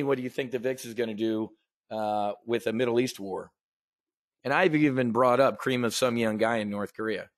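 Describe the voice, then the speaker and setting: A man's voice: mid-range voice, no room sound, studio quality. Blunt swearing man ranting dryly. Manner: blunt, swearing, sarcastic ranting with repeated restarts. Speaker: host of a trading market briefing. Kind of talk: casual profane livestream commentary.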